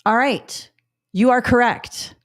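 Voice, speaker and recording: A middle-aged woman teaching a live test-prep webinar, upbeat and coaching, talking through examples out loud. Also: on the high side, steady tone, slow.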